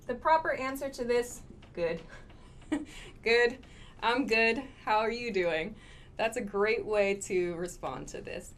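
A woman's voice: fairly high pitch, unhurried. A woman teaching English in a cheerful live-streamed lesson, laughing often and talking to her viewers.

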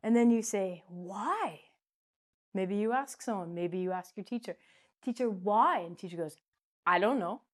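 A woman teaching English pronunciation to learners in a playful, animated way, with sudden high squeals and drawn-out words. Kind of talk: playful ESL pronunciation lesson.

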